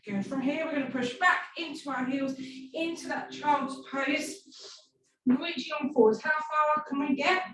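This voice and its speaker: Lady coaching a stretch class, higher voice, echoey room, music going. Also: fairly even intonation, measured pace, a bit bright. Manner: encouraging, playful cues. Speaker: fitness instructor. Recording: echoey room, far from mic, music behind. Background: background music.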